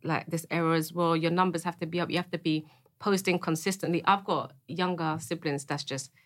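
A woman, a guest artist chatting casually and telling animated, rambling stories. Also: low voice, brisk. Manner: animated storytelling, rambling restarts. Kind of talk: casual chat.

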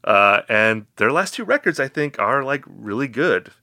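A man's voice: mid-range voice, sing-song, a little slow, sharp tone, no echo, clean studio sound. A man co-hosting a casual music podcast, jokey and upbeat as he reads out listener questions. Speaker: podcast co-host.

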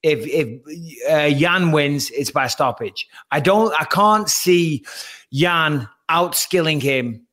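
A man in casual podcast chat, breaking down a fight in an animated, emphatic way and swearing freely. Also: on the high side, slow pace.

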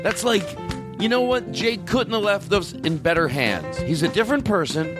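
A man hosting a comedy podcast, excitedly introducing guests with swearing. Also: sits high, moderate pace. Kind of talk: show intro over guitar music. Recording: loud guitar music behind.

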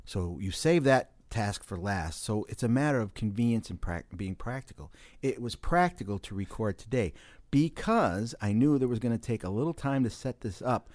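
A man's voice: lowish voice, animated, moderate pace, a little mellow, dry recording. A man hosting a podcast in casual chat, explaining himself at length and telling stories. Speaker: podcast host. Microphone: studio microphone.

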